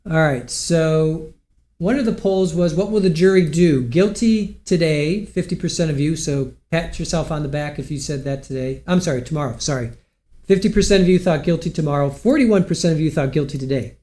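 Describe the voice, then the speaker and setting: A man's voice: a little high, fairly quick, warm tone. A man hosting a livestream, wrapping up in a casual, rambling way and correcting himself often. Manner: rambling, self-correcting, friendly. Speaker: livestream host. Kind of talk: casual livestream sign-off chat.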